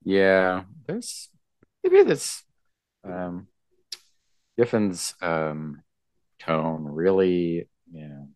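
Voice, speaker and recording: Casting note: man, very deep voice, slow and halting co-host delivery, dry close sound. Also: big pitch swings, a little mellow, dry recording. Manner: slow, halting, many fillers and restarts. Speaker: podcast co-host. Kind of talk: casual chat.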